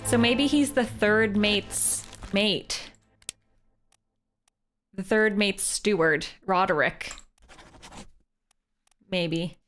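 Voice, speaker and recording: Speaking extremely slowly with long pauses, a young Canadian woman plays a game on stream, thinking aloud in a playful way and chatting with her audience. Her mid-range voice is a bit bright.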